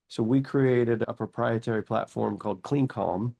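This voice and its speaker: A man in his forties, a company chief executive, telling his story in a casual interview with lively anecdotes and quoted thoughts. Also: mid-range voice, moderate pace, creaky. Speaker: company CEO, guest.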